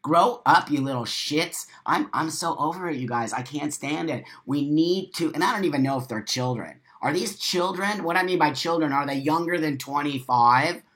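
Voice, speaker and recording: With a medium-pitched voice and quick-fire delivery, the host of a live stream rants off the cuff, cursing freely. Loud bursts give way to quiet asides, lines get repeated for punch, and viewer comments are read out.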